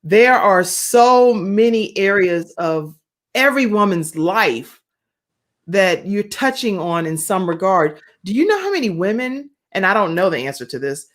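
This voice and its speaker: A woman's voice: mid-range voice, lively intonation, a little slow. A woman hosting an online talk show, emphatic, often repeating herself and humming agreement. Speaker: host. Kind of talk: casual chat on a livestream. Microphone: video call.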